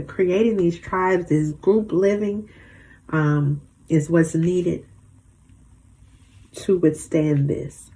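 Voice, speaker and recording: Woman, low voice, mellow tone, casual rambling vlog, blunt, slangy. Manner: rambling, storytelling, blunt and emphatic; casual slang and mild swearing. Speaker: tarot reader.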